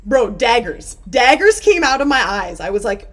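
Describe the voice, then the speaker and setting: A woman's voice: fairly high pitch, very animated, moderate pace. A young woman, co-hosting a casual podcast chat and telling a story animatedly, acting out the quotes. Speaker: podcast co-host.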